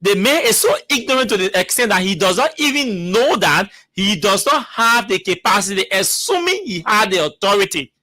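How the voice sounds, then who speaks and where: A man's voice: high voice, big pitch swings, normal speed, hardly any pauses, bright, forceful tone, no echo. A man hosting a radio talk show, arguing and mocking as he repeats his words. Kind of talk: radio commentary.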